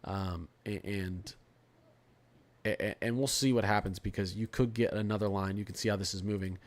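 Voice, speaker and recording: A young man from Florida hosting a live weather stream, talking casually about forecasts, repeating and restarting phrases as he reads chat. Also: low-pitched. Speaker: weather livestream host.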